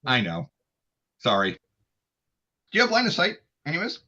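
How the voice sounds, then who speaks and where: A man running an online tabletop game as game master, giving relaxed, chatty rulings. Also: fairly high pitch, moderate pace, slightly rough, lo-fi sound.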